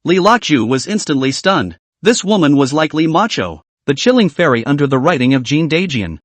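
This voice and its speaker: A man narrating a story recap in a steady, scripted storytelling manner. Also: a little high, fairly quick, no echo.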